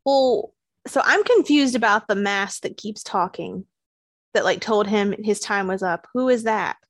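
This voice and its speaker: A woman's voice: medium pitch, lively intonation, a little slow, dry recording. A woman in a casual podcast chat, amused and asking follow-up questions.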